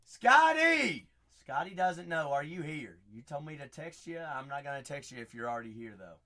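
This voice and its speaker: A man runs a live card break stream, speaking a little fast in a raspy, mid-range voice. He's chatty, energizes his audience, and shouts out viewers' names.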